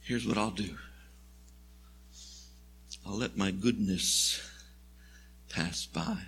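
A man voicing God as a calm, patient divine figure, speaking low and unhurried. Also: slightly rough, exaggerated voice. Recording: long hall reverb.

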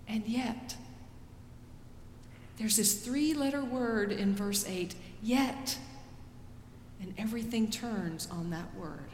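A woman pastor preaching a sermon in a slow, deliberate way, rising for quoted pleas and dropping soft after them. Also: on the high side, slight background noise. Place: church sanctuary. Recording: roomy church with long reverb.

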